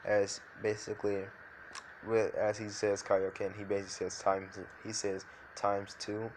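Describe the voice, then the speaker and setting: A man's voice: on the low side, completely flat delivery, unhurried, darkish tone, slight background noise. A man improvising a fan fiction story, rambling loosely with many fillers and restarts.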